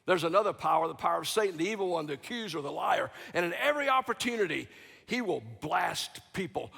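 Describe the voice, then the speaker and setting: A man preaching a sermon as guest speaker, dramatic, swinging from loud to hushed. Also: on the high side, sing-song, brisk, gravelly, breathy edge. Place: large church sanctuary. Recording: long church reverb.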